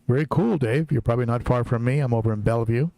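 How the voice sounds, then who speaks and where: A man's voice: medium pitch, fast, creaky, warm tone, dry recording. A middle-aged man from Southern California hosting a live stream, chatting casually and reading out viewers' names as they come in. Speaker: livestream host. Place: home, in Tennessee.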